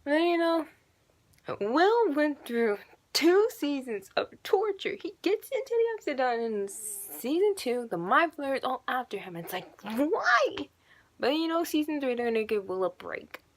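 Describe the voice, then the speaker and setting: A woman's voice: sits high, very animated, normal speed. Gushing young woman rambling in a vlog. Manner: rambling, gushing, filler-heavy. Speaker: YouTuber. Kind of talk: casual fan vlog.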